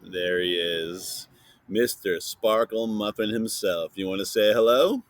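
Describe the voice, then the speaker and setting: A man hosting a casual science podcast for kids, playfully interviewing a silent guest and filling pauses with chatter. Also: fairly low pitch, no room sound. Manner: chatty with many fillers. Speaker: podcast host.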